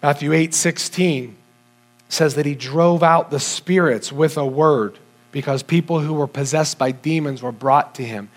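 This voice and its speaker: A man preaching a sermon to a congregation, animated and asking his listeners rhetorical questions as he swings between low and high pitch. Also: unhurried. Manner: audience-addressing with rhetorical questions.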